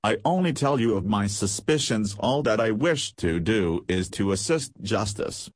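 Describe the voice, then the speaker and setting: A man reading the lines of a scheming older aristocratic woman in an audiobook, with a mocking drawl and a husky voice. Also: on the low side, lively intonation, normal speed, no echo, studio quality.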